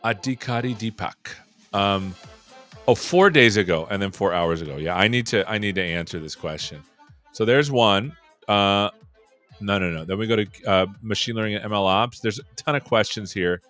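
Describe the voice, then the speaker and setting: A man's voice: lowish voice, normal speed, fairly bright tone, soft background music. A man hosting a tech show, chatting loosely and joking with many fillers. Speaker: show host. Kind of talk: casual live-stream chat.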